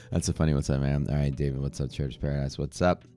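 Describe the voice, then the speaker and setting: A man's voice: very deep voice, steady tone, fast, dark tone, faint music behind. A man hosting a casual livestream from his home streaming room, greeting viewers by name and joking as he rambles. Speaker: livestream trading host.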